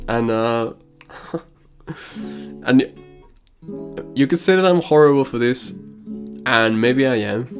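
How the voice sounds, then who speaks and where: A man giving casual, slangy commentary on an anime and telling personal anecdotes. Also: medium pitch. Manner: casual and slangy, drops crude asides.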